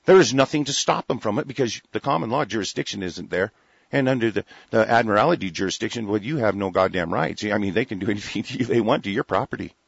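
A man's voice: fairly low pitch, fast, vocal fry, slightly rough, dry recording. A man reading a news article aloud and breaking off into heated, profane rants about it. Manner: profane, heated, interrupting his own reading to rant. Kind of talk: reading an article with angry commentary. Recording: dull lo-fi sound.

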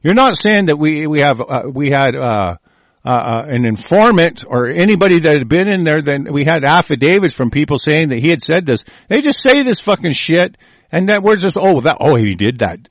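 A man's voice: fairly high pitch, expressive, normal speed, no room sound. A man angrily ranting with constant swearing, reading news reports aloud and breaking in to attack them. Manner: profane, furious, reading news aloud and interrupting it. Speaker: commentator. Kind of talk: angry ranting commentary.

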